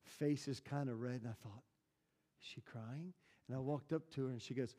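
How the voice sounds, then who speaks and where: A man's voice: medium pitch, moderate pace, warm tone. A man preaching a conversational sermon, telling stories and asking the congregation questions. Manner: chatty, storytelling, asks the room questions. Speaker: pastor. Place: church hall. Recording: reverberant church hall.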